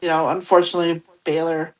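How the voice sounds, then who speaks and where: A woman's voice: deep voice, little pitch movement, fast talker, rough recording. A woman co-hosting a podcast, talking casually and rambling with many fillers. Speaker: podcast co-host. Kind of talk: casual chat.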